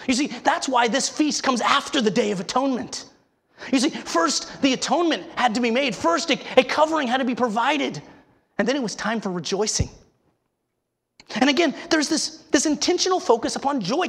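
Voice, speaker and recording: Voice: high-pitched, creaky, a bit bright, husky. A preacher giving an emphatic sermon, asking the listeners rhetorical questions and sometimes restarting words.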